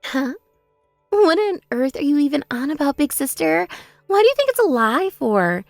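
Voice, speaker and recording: A woman's voice: high voice, big pitch swings, normal speed, gravelly, no room sound, faint music behind, full character voice. A woman voicing a spoiled younger sister who boasts and mocks in a text-message story drama. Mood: taunting. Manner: mocking, taunting, gloating.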